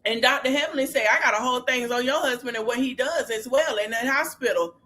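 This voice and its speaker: A woman with a high voice and a lilt hosts a casual podcast recap. She retells the arguments with lively exclamations, slipping into the cast members' lines as she goes. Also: quick pace, slight background noise. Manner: animated retelling, acting out quotes with exclamations. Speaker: podcast host.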